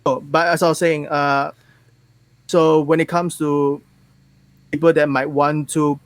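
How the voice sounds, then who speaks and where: A man's voice: fairly high pitch, a little slow, dry recording. A young man with a neutral Singaporean English accent, a Mandarin native speaker, talking frankly as a guest actor in a casual interview. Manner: frank, animated, many restarts.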